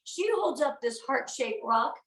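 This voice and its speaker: A woman's voice: high-pitched, animated, unhurried. Upbeat woman speaker in an echoey room. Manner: upbeat, earnest, has the audience repeat phrases. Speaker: guest speaker at a sales training. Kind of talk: motivational talk. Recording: echoey room, voice a bit far from the mic.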